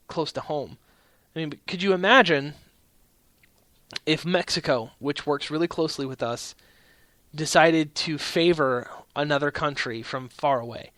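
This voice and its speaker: Male podcast host, higher-pitched, opinionated rambling commentary. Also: bright, forceful tone, no echo. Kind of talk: casual political commentary.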